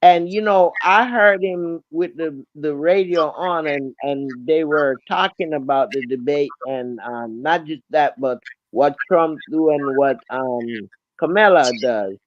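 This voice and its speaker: A woman's voice: low voice, a little slow, dry recording, dull audio. A woman calling in to a radio show, telling a rambling story with many "you know"s and "um"s. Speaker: caller.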